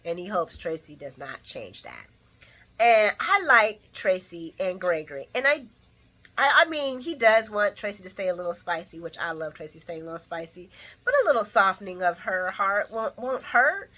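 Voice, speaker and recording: A woman talks through the latest soap episode in a loose, casual vlog manner. Her voice is bright and clear, and her pitch sits in a middle range. She acts out the characters' lines with lots of energy and laughs easily as she goes. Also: expressive, normal speed. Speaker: soap opera recap vlogger. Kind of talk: casual recap chat.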